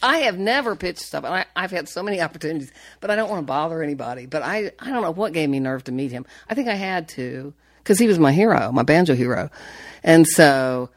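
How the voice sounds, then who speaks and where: Low-voiced woman telling banjo stories. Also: fast, no room sound, studio quality. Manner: animated, laughing, rambling with restarts. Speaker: banjo player, interview guest. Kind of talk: casual storytelling.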